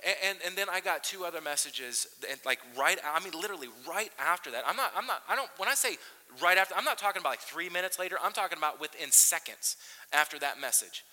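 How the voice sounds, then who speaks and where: A man's voice: on the high side, brisk. A man in his thirties, a pastor, preaching a sermon and telling stories with lots of restarts. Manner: animated storytelling with frequent restarts. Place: large church hall. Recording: long reverb of a church hall.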